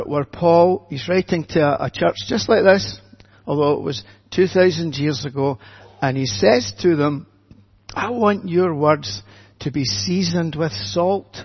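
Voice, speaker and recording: An older man, a minister giving a gentle, chatty children's talk in church with light humour. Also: a little high, slightly rough, dull audio.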